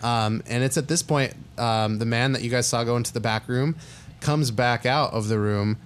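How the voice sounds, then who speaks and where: A man's voice: mid-range voice, normal speed, slight background noise. A young man narrating as game master of a tabletop game, casual and rambling with many fillers.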